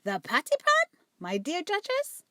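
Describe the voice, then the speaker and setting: A woman's voice: very high-pitched, wildly swooping pitch, unhurried, pushed and bright, no echo, studio quality, voice pushed up, full character voice. Woman doing Ribby, a prim cat hostess. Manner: sweetly polite, prim. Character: genteel female cat hostess.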